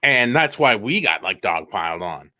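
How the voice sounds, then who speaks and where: A man's voice: lowish voice, big pitch swings, normal speed, pushed and bright, dry recording. A man co-hosting a casual podcast chat, profane and rambling, with frequent laughs. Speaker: podcast co-host.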